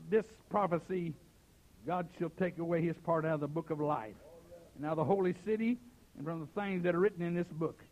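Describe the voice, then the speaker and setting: A man preaching a fiery revival sermon, shouting some passages and dropping to a hush on others, peppering his talk with "amen.". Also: high voice, fairly quick. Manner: shouting preaching, swinging from loud to hushed; folksy, sprinkled with "amen".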